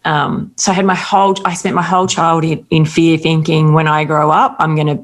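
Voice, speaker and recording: A woman's voice: low voice, level tone, brisk. A woman guest on a talk show, earnestly and reflectively recounting personal experiences in candid conversation. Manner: earnest, reflective, with frequent restarts.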